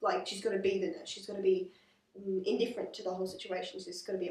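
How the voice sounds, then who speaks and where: A woman's voice: medium pitch, flat delivery, fast talker, a little mellow. An Australian actress chatting casually about her role, joking and using lots of fillers. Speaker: actor. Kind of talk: casual interview. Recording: roomy, distant camera mic.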